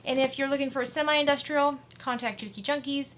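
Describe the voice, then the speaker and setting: Woman vlogger, gushing sewing chat, bright tone, faint background noise. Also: high voice, steady tone, fairly quick. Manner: gushing, chatty, talks lovingly to her machine. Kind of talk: casual sewing vlog.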